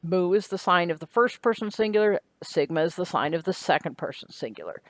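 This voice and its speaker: A woman's voice: fairly low pitch, animated, fairly quick, no room sound. A woman giving a recorded grammar lecture, explaining step by step, asking "right?" now and then and correcting herself as she goes. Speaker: Greek grammar teacher.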